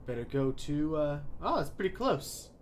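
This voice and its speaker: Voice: mid-range voice, sing-song, normal speed, a little hiss or hum. A streamer chatting casually during a game playthrough, fumbling and self-deprecating. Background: guitar music from the game.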